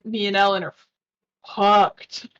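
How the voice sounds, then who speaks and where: Woman player, a bit high-pitched, blunt and teasing, dull lo-fi mic. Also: moderate pace, a bit bright. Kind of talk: casual tabletop game chat.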